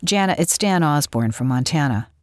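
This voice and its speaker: A woman voicing an uneasy, hesitant male park ranger in a low voice. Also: lively intonation, normal speed, dry recording, studio quality.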